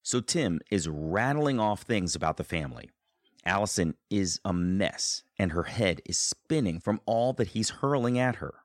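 Deep-voiced male radio narrator. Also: expressive, moderate pace, dry recording, clean studio sound. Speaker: host and narrator.

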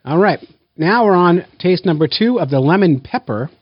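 A man hosting a blindfolded family taste test in a casual, playful way, counting down loudly before each bite. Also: sits high, lively intonation, moderate pace, husky, dry recording, muffled recording. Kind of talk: casual family vlog chat.

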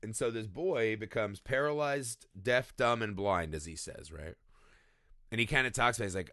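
A man co-hosting a podcast, chatting casually about a film, animated and profane, laughing often. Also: fairly low pitch, normal speed, dry recording, studio quality. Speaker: podcast co-host.

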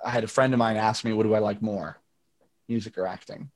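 A young man with a lowish voice talks fast and casually in a video call interview, chatting and telling stories with lots of fillers and acted-out quotes. He's a singer-songwriter appearing as a guest.

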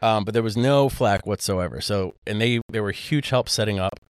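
A man with a lowish, clear, resonant voice talks at a normal speed in a dry, studio-quality recording. Co-hosting a podcast, he tells a story in casual chat, rambling with plenty of fillers and restarts.

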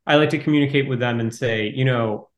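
A man answering interview questions as a startup investor, talking quickly and in a fairly flat way. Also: medium pitch. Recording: roomy echo.

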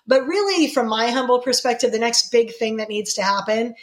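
Middle-aged woman guest, fired up and indignant, a bit high-pitched, voice keeps spiking up on her points. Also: brisk. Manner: fervent and indignant, with sharp rises in pitch. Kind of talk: impassioned interview answers.

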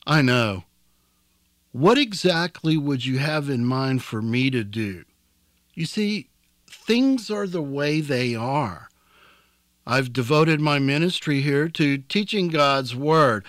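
A man voicing a thoughtful, cautious middle-aged village priest who speaks gently and carefully in a novel reading. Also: medium pitch, lively intonation, slow pace, no room sound. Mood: earnest. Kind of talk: scripted narration.

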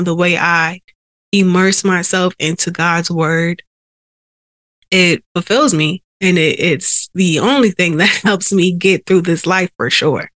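On her faith podcast, a woman tells her personal testimony in a sincere, conversational manner. Her voice is on the low side with a fairly bright tone, the sound has no echo, and a sensitive mic catches her sighs and held breaths.

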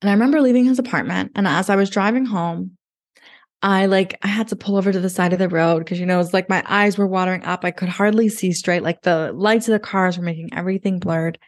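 A woman in her thirties, a dating coach appearing as a podcast guest, tells her story in a casual interview. She talks quickly in a mid-range voice, chatty and full of "like," reliving moments by quoting her own inner thoughts.

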